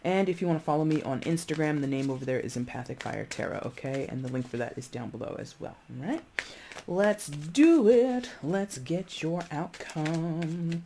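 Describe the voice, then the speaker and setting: Gravelly-voiced chatty tarot reader. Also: medium pitch, darkish tone, a little hiss or hum. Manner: chatty, rambling, searches for words aloud; addresses viewers directly, frequent "okay?". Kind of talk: casual tarot reading to camera.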